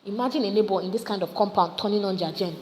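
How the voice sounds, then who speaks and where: A woman's voice: mid-range voice, quick pace. Chatty Nigerian woman teaching a poem. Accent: Nigerian English. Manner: lively, chatty, rhetorical questions to students. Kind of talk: casual recorded lesson. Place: home with generators running nearby. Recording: audio recording, reverberant, faint generator noise.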